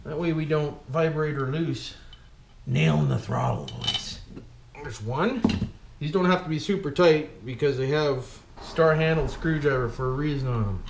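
A man's voice: fairly high pitch, moderate pace, creaky. Folksy man in an echoey garage. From Canada. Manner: folksy and jokey, keeps calling the viewers "boys"; talks to himself while working. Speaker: vlogger rebuilding an engine. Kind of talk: casual workshop commentary. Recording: echoey room with background noise.

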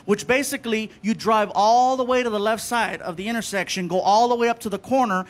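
A man doing an animated stand-up set, telling stories and acting out the people in them. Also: high voice, brisk. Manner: animated, acts out characters in quotes. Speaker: stand-up comedian. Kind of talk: stand-up storytelling. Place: comedy stage before a live audience.

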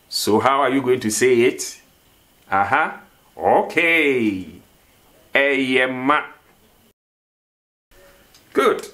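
Speaking slowly, this male teacher goes through vocabulary, saying each word more than once and posing questions the learner must answer. His voice is mid-range and a little bright.

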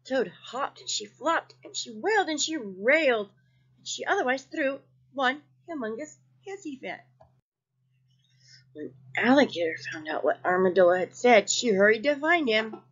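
Woman, children's story reader, expressive, high voice, muffled lo-fi recording. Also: normal speed, husky. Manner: expressive, asking questions to young listeners. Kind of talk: reading aloud to children. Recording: dull lo-fi recording.

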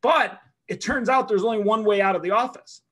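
High, bright-voiced man telling a wild story. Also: brisk. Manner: excitable, swears often, acts out other people's lines with shouting and laughter. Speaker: podcast host telling a story. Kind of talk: animated casual storytelling.

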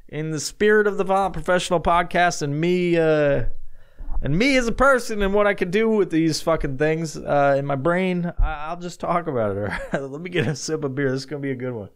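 A man's voice: on the high side, smooth. A man hosting a casual solo podcast, rambling and swearing as he answers listener questions. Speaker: podcast host.

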